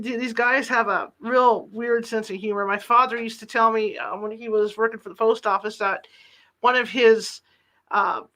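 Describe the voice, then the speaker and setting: Bright, crisp-toned host telling a chatty reporter's anecdote and voicing the quoted lines. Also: mid-range voice. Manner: chatty, retells dialogue in quotes. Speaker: podcast host and former reporter. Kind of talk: casual anecdotal storytelling. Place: lives in the Sacramento area.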